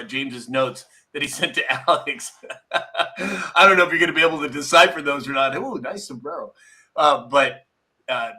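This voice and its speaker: A man hosts a live stream in a bright, crisp voice. He rambles casually, chats with his crew and reads viewer comments aloud. His pitch sits in an ordinary middle range. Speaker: live stream show host.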